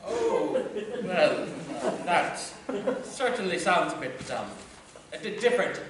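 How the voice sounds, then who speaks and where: An actor playing an earnest, flustered playwright who protests politely. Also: male voice, high-pitched, very animated, slow pace, full character voice. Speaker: actor in a stage comedy. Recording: echoey stage from far off with noise.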